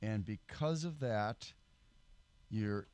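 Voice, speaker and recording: Speaking at a fairly low pitch with drawn-out words and a touch of mellowness, a man hosts an informal PC building tutorial. His delivery is full of fillers, self-corrections and wry self-deprecation. Recorded close and dry on a desk microphone, he sounds fainter each time he leans away.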